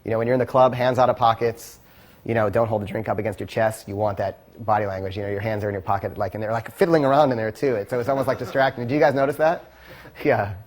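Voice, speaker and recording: Man, coach, fast, lowish voice, blunt and direct. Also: fairly even intonation. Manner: blunt, swears, quick and direct. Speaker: pickup coach. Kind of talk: coaching feedback to a class.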